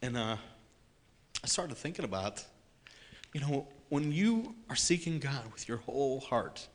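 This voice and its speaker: A man giving an unscripted personal faith testimony, earnest and halting, with many restarts, repeated words and soft self-deprecating laughs. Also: medium pitch, sing-song. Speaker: lay speaker sharing a faith testimony.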